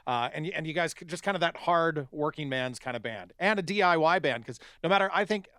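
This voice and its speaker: A man's voice: fairly high pitch, fast talker, pushed and bright, clean tone, dry recording, studio quality. A man co-hosting a podcast, chatting with enthusiasm and filling his talk with "you know". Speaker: podcast co-host. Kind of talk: casual chat.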